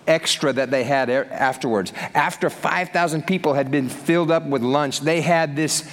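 A man preaching a sermon in a lively, conversational way, acting out quotes in other voices. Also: a little high, normal speed, big-room sound. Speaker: pastor.

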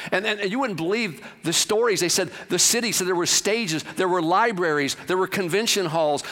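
A pastor preaches to his congregation, his slightly high voice pushing up for emphasis and dropping low and quiet for stories. He tells the church he could preach for weeks. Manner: emphatic preaching with wide swings between loud and hushed. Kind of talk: sermon.

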